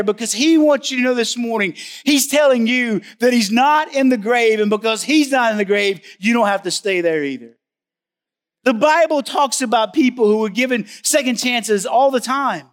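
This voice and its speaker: A man's voice: very high voice, normal speed. A man preaching a sermon in a church service. He speaks emphatically and repeats key words for stress. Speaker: pastor.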